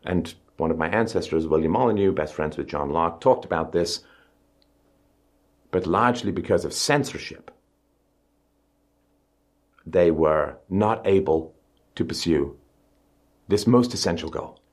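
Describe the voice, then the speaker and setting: A middle-aged man giving an emphatic public speech, pushing his pitch up on stressed words. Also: a little slow, pauses often. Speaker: speaker.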